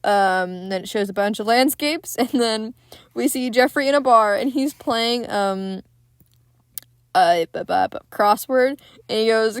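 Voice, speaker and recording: A woman's voice: on the high side, a little slow, clear, resonant tone, dry recording, clean studio sound. A woman hosting a podcast, chatting casually and profanely as she retells a movie scene by scene. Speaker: podcast host.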